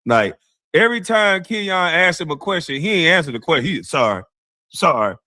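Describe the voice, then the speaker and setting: Man, streamer, mocking reaction commentary, lively swooping pitch, fairly high voice, blunt slang, laughs a lot. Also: a little fast. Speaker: streamer, show host. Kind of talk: casual livestream reaction commentary.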